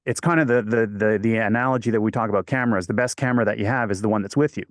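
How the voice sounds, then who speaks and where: A man's voice: on the low side, fairly even intonation, very fast, no echo, clean studio sound. A man from Quebec, a voice actor talking casually as an interview guest and telling stories in a rambling, self-correcting way. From Quebec, Canada.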